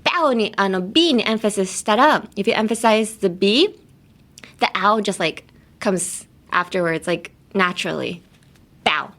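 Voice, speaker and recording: A woman at a middle pitch coaches listeners through English pronunciation in a relaxed podcast chat. She giggles often and slips between English and Japanese as she explains sounds. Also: moderate pace. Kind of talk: casual podcast lesson. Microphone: talking into a camera.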